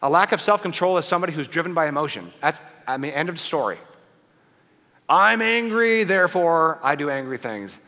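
A man preaching a conversational sermon, often checking in with his listeners and swinging between loud emphasis and hushed asides. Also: a little high, animated, quick pace, few pauses. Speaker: pastor. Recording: long hall reverb.

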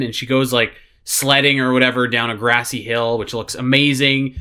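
A man's voice: medium pitch, moderate pace, clear, resonant tone. A man co-hosting a podcast, chatting casually and animatedly about a show, with lots of fillers. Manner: animated, rambling with many fillers. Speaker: podcast co-host. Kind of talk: casual chat reviewing a show.

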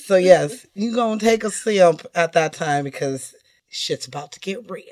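A woman's voice: on the low side, expressive, normal speed, a little mellow. A woman in casual chat, playful and swearing casually while talking.

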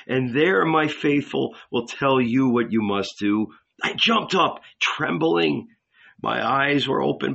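A man voicing a fiery young male preacher with a high, cracked voice, speaking fervently. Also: gravelly, fairly bright tone, slightly rough, highs cut off, exaggerated voice. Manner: fervent, proclaiming. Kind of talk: audiobook reading.

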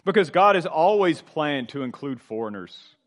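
A middle-aged man preaching a sermon. His delivery swells louder and then drops low and quiet. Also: sing-song, moderate pace. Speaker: pastor.

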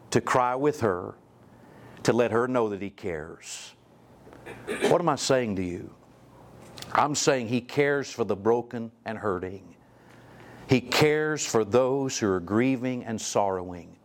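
A male guest preacher delivering a sermon, reading scripture aloud and asking the congregation direct questions, his pitch and loudness swinging widely. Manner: reads scripture aloud in old-style wording; asks the listeners direct questions.

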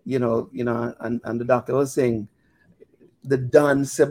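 A man's voice: medium pitch, steady tone, unhurried, darkish tone. A man co-hosting a talk show, easygoing and chatty, calling everyone "man". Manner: easygoing, says "man" often. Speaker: co-host. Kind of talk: casual talk-show chat.

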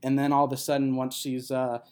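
A man's voice: mid-range voice, monotone, brisk, darkish tone, clear, resonant tone. A man in casual podcast chat, retelling a film plot with many fillers and laughs. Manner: rambling, many fillers, laughs while talking.

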